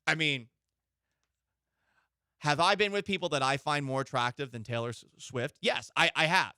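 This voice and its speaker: A man hosting a sports radio show, talking in an animated, joking way with rambling asides. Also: a little high, moderate pace, clear, resonant tone, dry recording, studio quality.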